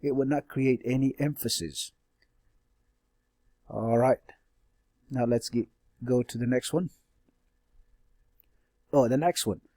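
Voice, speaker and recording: A man's voice: mid-range voice, slow pace, pauses often, dark tone, no room sound. Man lecturing with constant "okay?" checks. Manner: explanatory, frequent tag questions like "all right?" and "okay?"; hesitant fillers and self-corrections. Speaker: teacher. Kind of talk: classroom lecture on stylistic devices.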